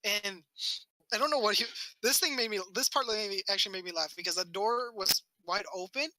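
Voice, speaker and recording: On a casual podcast, a man co-hosting tells a rambling story from his childhood in a high, sharp-toned voice at a slightly fast pace, swearing a lot and acting out quotes. The recording has no echo but is low in quality.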